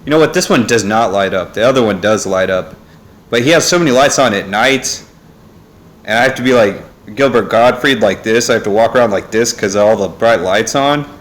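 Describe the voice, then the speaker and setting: Speaking fairly low and a little fast, a young man vlogs from inside his family home, wandering through a loose monologue packed with fillers and side remarks. A phone in a neck holder picks up the sound.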